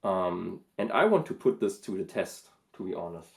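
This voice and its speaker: A man talking through a casual vocal lesson, thoughtful and hesitant, with many pauses and fillers. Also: deep voice, big pitch swings, creaky. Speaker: vocal coach and vlogger.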